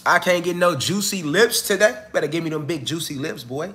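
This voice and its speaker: A man's voice: fairly high pitch, a little fast, a bit bright, a little hiss or hum, voice pushed up, close to an everyday voice. A man mimicking his insistent girlfriend who teasingly demands a kiss, while he is coughing and recovering.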